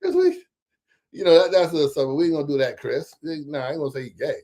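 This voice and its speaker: A man hosting casual political commentary, talking straight to his viewers in an animated, profane, chatty way. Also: on the high side, fast, slight background noise. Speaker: host of a local commentary stream.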